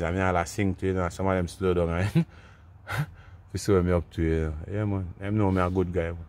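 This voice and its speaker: A man with a Jamaican accent chatting casually into his phone while walking a street at night, rambling and laughing in patois. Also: deep voice. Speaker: vlogger. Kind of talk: casual walking vlog monologue. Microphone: phone carried while walking.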